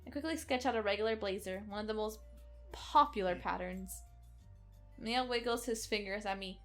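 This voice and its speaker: Woman, let's play host, reading a visual novel aloud, sarcastic, soft music behind. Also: medium pitch, moderate pace. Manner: expressive, sarcastic, occasional giggles.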